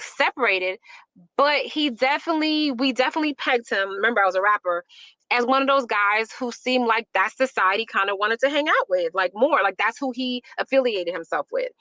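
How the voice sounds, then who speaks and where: Woman from Chicago, commentary host, emphatic, rambling, highish bright voice, dull dry sound. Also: no echo. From Chicago, USA. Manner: emphatic, rambling with many fillers. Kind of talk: opinionated commentary.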